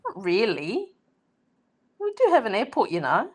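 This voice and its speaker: An Australian woman from Sydney trades jokes in a casual comedy chat, her pitch leaping up and down as she talks. She sounds exasperated and swears freely, in a mid-range voice. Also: huge pitch swings, normal speed, breathy edge. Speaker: podcast co-host.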